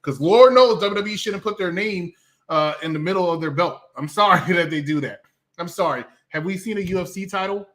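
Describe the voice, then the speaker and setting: Man, podcast co-host, bright higher voice, emphatic casual rant. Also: fairly quick. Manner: emphatic, ranting with laughs. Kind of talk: casual wrestling chat.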